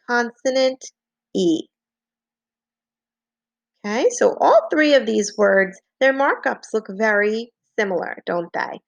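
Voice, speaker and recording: Woman teacher doing phonics dictation, real slow and patient, dry close sound. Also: on the high side, no echo. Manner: slow, clear, patient dictation with repeated words. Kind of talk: phonics lesson for young children.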